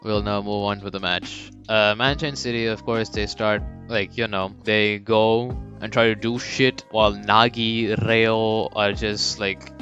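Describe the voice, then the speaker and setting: A young man casually narrating a fan-made sports story, rambling and swearing, with sudden high character voices. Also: little pitch movement, a little slow, hardly any pauses, a bit bright. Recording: dull lo-fi mic with faint background music.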